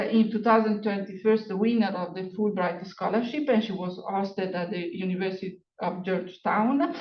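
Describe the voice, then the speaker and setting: Woman moderator with a delivery. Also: medium pitch. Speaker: event moderator. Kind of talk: formal introduction of a speaker. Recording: echoey hall, dull lo-fi sound.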